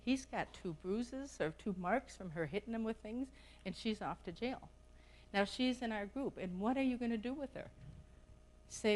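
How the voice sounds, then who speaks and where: A woman's voice: a little high, expressive, normal speed, darkish tone, poor audio. A middle-aged woman giving an impassioned plenary talk at a conference, asking urgent questions of her audience. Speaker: conference speaker. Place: conference hall.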